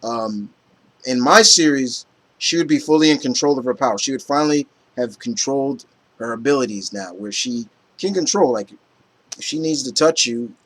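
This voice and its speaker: A man talking casually to his viewers at a middle pitch. He is chatty and enthusiastic, and he rambles, restarts and fills the gaps with "uh" and "you know." His pitch sits mid-range and he rarely settles into a steady rhythm. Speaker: vlogger. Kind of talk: casual chat.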